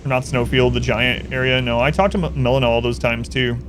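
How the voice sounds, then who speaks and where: A man's voice: mid-range voice, fairly even intonation, a little fast, slight background noise. A man chatting casually on a game stream, rambling through a story and answering chat.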